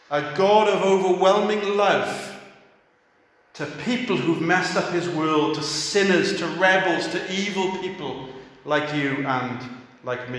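A man preaching a sermon, telling a story and acting out the quoted voices softly. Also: sits high, slow pace. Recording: echoey hall.

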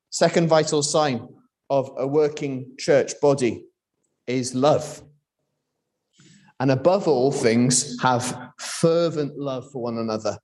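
A man's voice: medium pitch, darkish tone. A man preaching a sermon in a conversational way, asking the congregation rhetorical questions. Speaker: pastor.

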